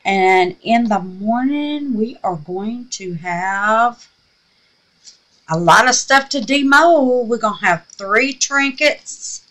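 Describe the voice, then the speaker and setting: Slow-talking woman, slightly scratchy. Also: fairly high pitch, lively intonation, fairly bright tone. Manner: chatty, gushing, calls viewers honey. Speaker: resin craft vlogger. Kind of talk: casual crafting tutorial chat.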